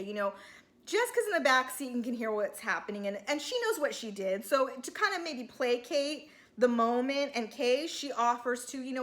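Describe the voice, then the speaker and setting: A woman's voice: sits high, expressive, normal speed, fairly bright tone. A woman giving a casual, heated recap of a reality show, chatty and full of filler words.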